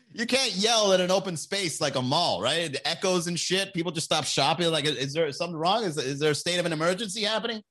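A man's voice: sits high, expressive, normal speed, pauses often, bright, forceful tone. Crude, rambling man telling a story. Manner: rambling, crude, laughs often, acts out voices. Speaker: podcast host. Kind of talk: casual storytelling monologue.

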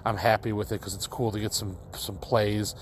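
A man's voice: fairly low pitch, fairly even intonation, normal speed, a little hiss or hum. Rambling young man telling a story. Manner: rambling, full of likes and restarts. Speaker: storyteller addressing listeners. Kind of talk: casual storytelling monologue.

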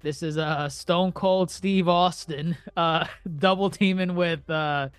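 A co-host in a casual movie review chat, speaking in a relaxed way with hesitant fillers and bits of laughter between words. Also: mid-range voice, takes it slowly, clear, resonant tone, no echo, soft background music. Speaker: podcast co-host.

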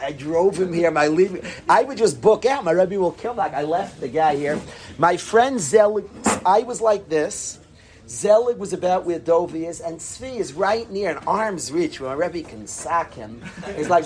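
Animated man telling a funny story. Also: on the high side, moderate pace, slight background noise. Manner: animated, self-deprecating, peppered with "like". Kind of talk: humorous personal anecdote told to a group.

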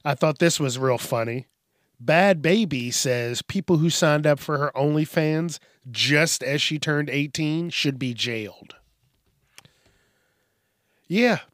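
Slow, profane ranting man with a dry sound. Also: a little high, a bit bright, no room sound. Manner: profane, sarcastic, exasperated. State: drinking beer. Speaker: host. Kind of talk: ranting news commentary.

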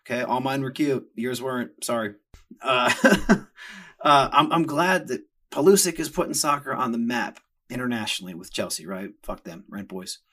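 A man's voice: mid-range voice, lively intonation, moderate pace, bright, forceful tone. A middle-aged man, hosting a podcast in a crude, joking, rambling casual rant. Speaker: podcast host.

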